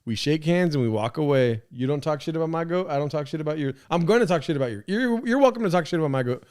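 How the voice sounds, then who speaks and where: A man's voice: on the high side, animated, fast talker, darkish tone, clear, resonant tone. A man hosting a live stream, rambling in casual commentary with lots of swearing, fillers and restarts. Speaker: podcast host streaming.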